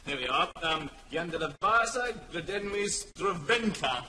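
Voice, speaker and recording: An actor playing a flustered shopkeeper who answers hesitantly, with many fillers, in a comedy clip played in a hall. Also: male voice, a little high, animated, measured pace, far from the mic, very noisy. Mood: puzzled. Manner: hesitant, puzzled, full of fillers. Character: flustered, patient male shopkeeper.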